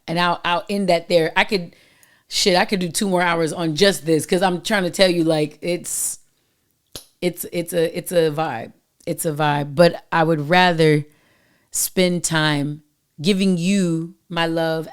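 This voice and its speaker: A woman hosting her own show, giving emphatic, slangy love advice straight to her listeners. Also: deep voice. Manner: emphatic, preachy, uses slang and direct address. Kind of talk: casual advice monologue.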